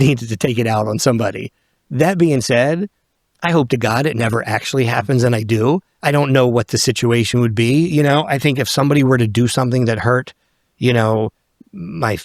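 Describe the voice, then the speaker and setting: A man's voice: medium pitch, no room sound, clean studio sound. A man in his fifties, a podcast guest, telling a story bluntly and candidly, swearing freely and acting out what people said. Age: 50s.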